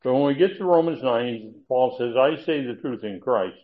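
A male Bible teacher working through scripture in a sermon, leaning hard on key words and breaking into asides. His voice has a middling pitch. The recording sounds thin and tinny, like a phone line. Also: normal speed. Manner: emphatic, stressing key words, with asides and restarts. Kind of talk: expository sermon.

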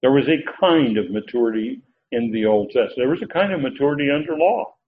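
A man teaching through Bible verses word by word, pausing often with filler sounds as he explains. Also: medium pitch, lively intonation. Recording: dull lo-fi recording with faint background noise.

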